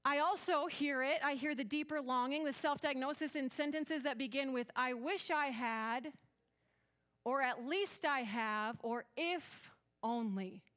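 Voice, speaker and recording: A woman's voice: sits high, a little slow, fairly bright tone. A woman with a West Michigan accent giving a conference talk, earnest and storytelling, acting out bits of dialogue as she goes. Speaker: conference speaker.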